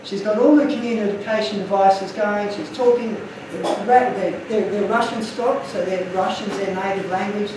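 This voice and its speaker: Man, earnest, emotional storyteller, high voice, distant mic, very echoey hall. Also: steady tone, normal speed, hardly any pauses, noisy background. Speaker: speaker. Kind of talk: illustrated talk to an audience. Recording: echoey room from far off.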